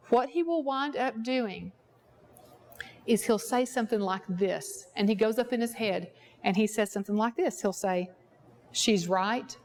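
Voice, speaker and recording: Lady therapist walking a workshop through a case, keeps asking the room questions, kinda high pitched. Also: darkish tone. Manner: explanatory, poses rhetorical questions to the audience. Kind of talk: teaching a workshop.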